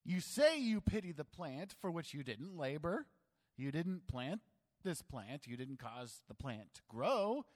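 God, as a preacher puts him on, lays out a patient argument and builds it into a firm rebuke. The voice is a man's and sits fairly high. It carries a long, hall-like reverb. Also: very animated, unhurried. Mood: reasoning. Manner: reasoning, mounting rebuke. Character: God, scolding yet reasoning, patient.

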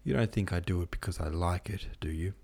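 A man's voice: low-pitched, brisk, gravelly, darkish tone. A man voicing a poor, sickly young woman in an audiobook, her lines sullen and tearfully pleading. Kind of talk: audiobook character voice.

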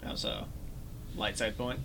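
A man's voice: on the low side, sing-song, a little slow, vocal fry, bright, forceful tone, slight background noise. A man playing in a tabletop game, speaking in a casual, playful way. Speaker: player.

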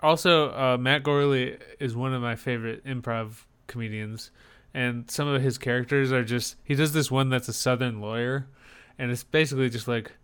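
A man's voice: medium pitch, fairly even intonation, normal speed, a bit bright, smooth. A man co-hosting a podcast in casual chat, rambling with lots of fillers as he searches for words. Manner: rambling, many fillers and restarts. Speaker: podcast co-host.

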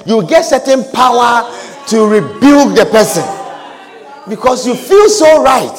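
A man preaching a sermon, animated and repetitive, with calls of hallelujah and amen. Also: very high voice, measured pace, long reverb tail, faint music behind.

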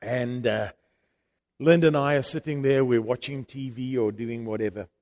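A middle-aged man preaching, telling a family story in an animated way that swings from loud emphasis to quiet, intimate moments. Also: medium pitch, moderate pace. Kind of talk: sermon storytelling.

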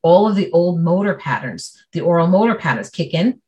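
A woman's voice: fairly low pitch, big pitch swings, a little fast, darkish tone, muffled recording. A woman who is a speech-language pathologist, patiently explaining her work in casual conversation.

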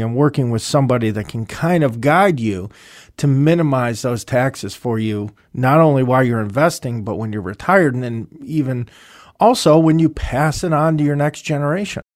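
Male advisor co-host, easygoing and plain-spoken, medium pitch, dry studio sound. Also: no echo. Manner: relaxed, conversational, explains plainly. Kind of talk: casual podcast chat.

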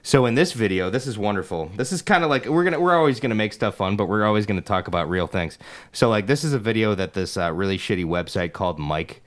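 A man's voice: lowish voice, animated, quick pace. A young man co-hosting a podcast, chatting casually in a rambling, profane way with many restarts. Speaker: podcast co-host. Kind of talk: casual chat.

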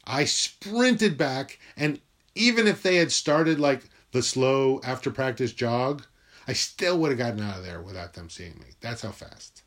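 A man's voice: mid-range voice, unhurried. Profane, wry male storyteller. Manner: profane, wry, animated retelling. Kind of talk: personal storytelling.

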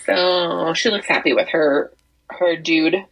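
A woman's voice: on the low side, slow pace, gravelly, fairly bright tone, slight background noise, low-quality recording. A woman co-hosting a podcast, chatting casually about celebrity news, rambling with lots of fillers and restarts. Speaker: podcast co-host.

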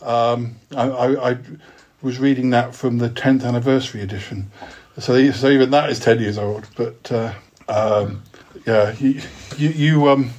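A man's voice: mid-range voice, fairly even intonation, a little slow, darkish tone. A podcast host reading his own rhyming poems aloud in a rhythmic, sing-song way, with hesitant fillers when chatting.

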